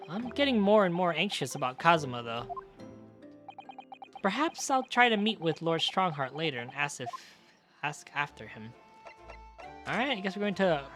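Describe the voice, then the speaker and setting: A woman's voice: medium pitch, sharp tone. A woman streaming a video game, reading the dialogue aloud in character voices and cursing in her asides. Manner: swings between character voices and swearing asides. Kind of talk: live game playthrough with read-aloud dialogue.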